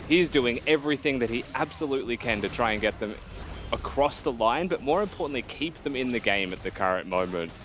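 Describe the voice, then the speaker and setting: A man's voice: medium pitch, animated, fairly quick, fairly bright tone. Man analyzing esports plays. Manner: analytical, conversational breakdown of plays. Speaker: esports caster. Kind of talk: esports commentary.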